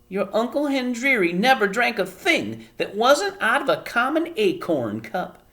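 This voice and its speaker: A woman voicing a fretful, tearful little borrower mother in a storybook reading, with a high, quavering, dramatic voice. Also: fairly bright tone. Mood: scolding.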